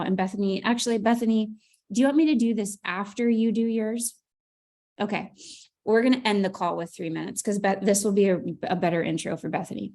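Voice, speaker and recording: Woman, team leader, motivational video call, mellow voice, casual pep talk. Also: mid-range voice. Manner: upbeat, folksy, pep-talk coaching.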